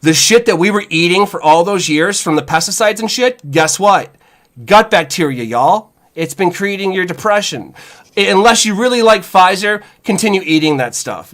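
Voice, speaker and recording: Fired-up ranting man, high voice. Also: normal speed. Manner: animated, profane, says "y'all" and "you know what I'm saying". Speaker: chef and podcast co-host. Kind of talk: casual podcast rant.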